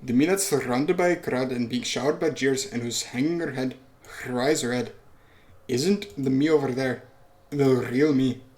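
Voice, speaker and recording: Young guy reading a visual novel out loud, chill asides, average voice. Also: mid-range voice, moderate pace. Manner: casual, offhand asides. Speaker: podcast host.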